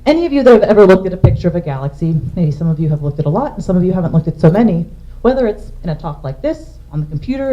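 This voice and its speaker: A woman's voice: fairly low pitch, warm tone. A woman astronomer giving a public science lecture, explaining things step by step while pointing to slides. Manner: explanatory, walking through slides. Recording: dull lo-fi lecture recording.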